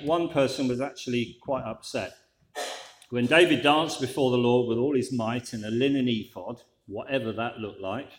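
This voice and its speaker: Preacher in a roomy church. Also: male voice, mid-range voice. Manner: conversational with dry, wry asides. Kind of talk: sermon.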